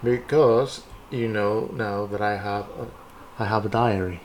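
A woman's voice: a bass voice, steady tone, a little slow, darkish tone, slight background noise. A woman talking in a casual conversation, rambling and hesitant with frequent restarts.

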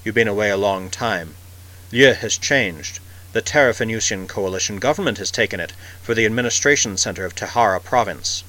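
Old alien elder, male, grave and sorrowful, slow heavy delivery; a male reader voices him. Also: on the low side, sharp tone, low-quality recording.

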